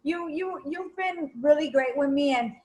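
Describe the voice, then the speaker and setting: A woman hosting an interview, praising her guest warmly and plugging his events in a casual chat. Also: high-pitched, moderate pace, a little hiss or hum, poor audio. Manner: warm, effusive praise. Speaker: interview host.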